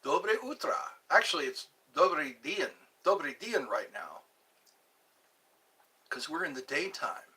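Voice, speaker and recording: A man chats on his own vlog in a loose, meandering way, hopping from one passing thought to another. His delivery is slow and unhurried, with a bouncy, sing-song pitch that rises and falls a lot. He sounds a little distant, as if sitting back from the microphone. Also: very animated, pushed and bright. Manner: rambling, musing aloud, drifts between topics. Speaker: channel host. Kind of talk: casual solo vlog chat. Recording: voice a bit far from the mic.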